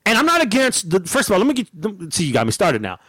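Animated, high-voiced man ranting. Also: fast talker, husky, no echo. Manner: animated storytelling, acts out quotes, swears a lot. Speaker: podcast co-host. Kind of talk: casual podcast chat.

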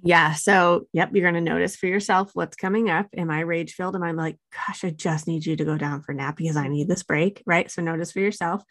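Animated woman quoting her toddler. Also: on the low side, brisk, hardly any pauses, dry recording, studio quality. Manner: animated storytelling, acts out parent and child quotes, laughs often. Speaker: parenting expert guest. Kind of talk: casual podcast interview.

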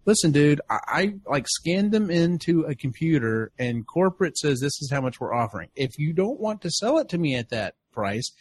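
A man co-hosting a podcast in casual chat, relaxed and telling anecdotes by quoting himself. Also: fairly high pitch, moderate pace, hardly any pauses, breathy edge, no echo.

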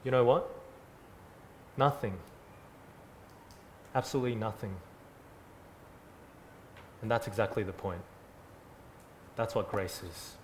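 A man preaching a sermon, earnest and emphatic, repeating phrases and swinging from loud to soft. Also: lowish voice, slow, long pauses, slight background noise. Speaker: pastor.

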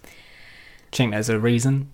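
A woman's voice: a bass voice, fairly even intonation, unhurried, a little mellow. A woman hosting a casual interview, asking questions and slipping in teasing jokes. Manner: jokey, teasing asides. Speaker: host.

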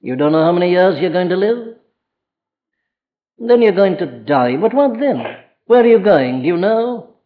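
A man's voice: high voice, lively intonation, moderate pace, pauses often, in a large hall. A man with a Welsh accent preaching a sermon, earnest and emphatic, speaking directly to his listeners. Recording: dull lo-fi archive recording.

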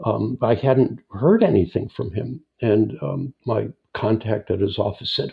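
Older man with a gravelly voice, storytelling. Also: on the low side, lively intonation. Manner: unhurried, chuckling raconteur. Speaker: guest filmmaker and editor. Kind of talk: anecdotal storytelling in an interview. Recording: dull lo-fi sound.

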